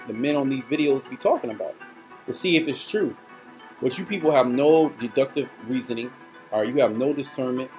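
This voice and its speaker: Fiery, rough-spoken male preacher. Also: mid-range voice, a little mellow. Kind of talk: preaching with scripture reading.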